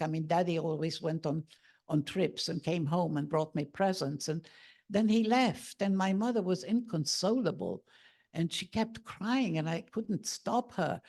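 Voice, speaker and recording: A woman's voice: on the low side, a little mellow. A woman in her eighties from Hungary, speaking, telling her own memories as a guest speaker in a vivid, storytelling way. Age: 80s. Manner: vivid storytelling, acting out family voices. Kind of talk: personal testimony talk.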